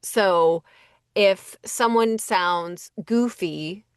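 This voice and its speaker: A woman's voice: medium pitch, extremely slow, smooth, no echo. A woman in casting chats easily about her work, piecing her thoughts together as she goes, with plenty of "like" and "um". Her voice sits in a middle range. It is recorded close and dry, with little room sound. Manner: relaxed, thinks aloud with many fillers. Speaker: voice director and casting associate. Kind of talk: casual interview conversation. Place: Los Angeles.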